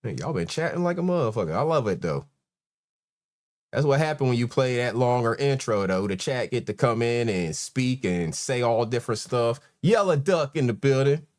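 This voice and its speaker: A man's voice: medium pitch, lively intonation, moderate pace. Laid-back man hosting a live chat. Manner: laid-back, greets chat members one by one. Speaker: host. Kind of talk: casual live-stream chat.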